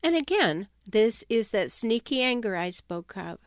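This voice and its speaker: A woman's voice: on the high side, very animated, a little slow, no room sound, studio quality. A woman author speaking directly to her listeners in a wry, conversational way, with the odd uneasy laugh. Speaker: self-help author and speaker. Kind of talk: conversational talk to camera or listeners.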